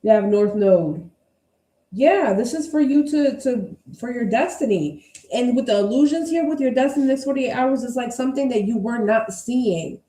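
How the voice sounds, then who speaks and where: A blunt, outspoken woman doing a casual tarot reading, cursing freely as she makes her points. Her voice sits a little high but sounds mellow and soft-edged. The room around her is echoey. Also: moderate pace. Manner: blunt, profane and emphatic. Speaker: tarot reader. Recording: roomy echo.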